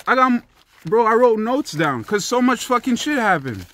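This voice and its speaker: A man's voice: very high-pitched, sing-song, normal speed, fairly bright tone. A young man giving heated, profane sports commentary in a ranting vlog style.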